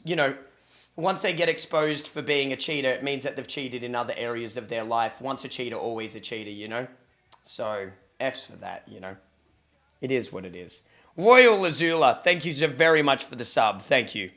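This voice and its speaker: A man's voice: mid-range voice, normal speed, fairly bright tone. A young Australian man, a streamer, chatting casually with his viewers, joking and reading the chat aloud, a bit sniffly from hay fever.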